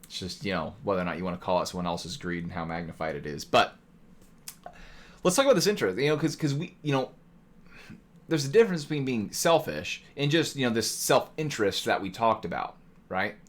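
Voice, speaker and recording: A man's voice: lowish voice, lively intonation, fairly quick. Chatty man lecturing to his chat. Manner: talkative, rhetorical "right?" tags, mock voices. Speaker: streamer teaching economics. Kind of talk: casual lecture to live chat.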